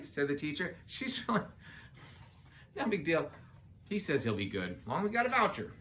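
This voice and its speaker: Lady reading a picture book out loud, super lively up and down voice, chatty little asides for the kids. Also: on the low side, normal speed, long pauses. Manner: playful, chatty asides to young listeners. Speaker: children's story reader.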